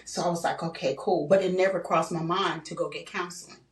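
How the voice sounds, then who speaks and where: An older woman with a lowish voice tells her story in an earnest, conversational way, circling back and repeating herself. She sounds a little far from the microphone in a roomy, echoey space. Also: steady tone, a little fast. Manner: earnest, repetitive storytelling with "you know, like". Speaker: guest sharing her story. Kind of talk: candid podcast conversation. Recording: roomy, distant mic.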